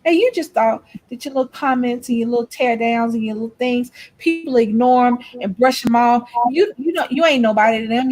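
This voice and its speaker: A woman in casual chat, telling stories and speaking emphatically to her audience. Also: fairly high pitch. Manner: storytelling, emphatic, lectures trolls. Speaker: co-host.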